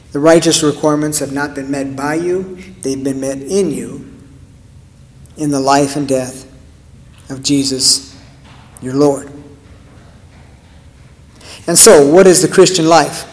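Man preaching a sermon, earnest, lots of rhetorical questions, a bit high-voiced, church echo. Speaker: pastor.

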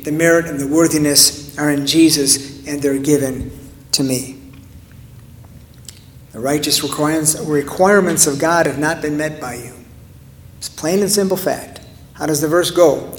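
A man preaching a sermon in an earnest way, with rhetorical questions and dramatic pauses. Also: fairly high pitch, steady tone, big-room sound. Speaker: pastor.

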